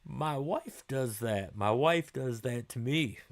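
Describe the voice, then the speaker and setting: Slow and expressive, this middle-aged man's mid-range voice carries a casual livestream. He responds to viewer comments in loose conversation, cursing freely and quick to laugh.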